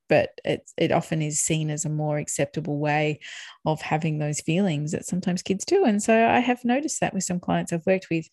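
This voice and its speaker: Brief: woman, middle-aged, podcast co-host, dry close sound, gravelly, reflective. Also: low voice, dry recording. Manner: reflective, warm storytelling with many fillers. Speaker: podcast co-host, parenting counsellor. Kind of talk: casual podcast conversation.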